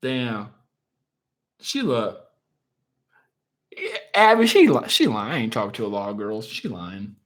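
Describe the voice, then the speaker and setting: A man's voice: medium pitch, sing-song, slow, pauses often. A man hosting a live stream, chatting casually and answering viewer questions in a joking, self-mocking, rambling way, often laughing.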